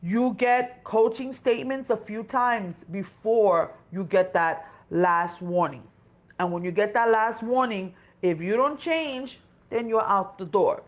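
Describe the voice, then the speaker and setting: A woman's voice: medium pitch, unhurried. A woman with a Spanish accent, co-hosting a casual live stream, chatty and sympathetic, talking in short run-on phrases. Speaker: co-host.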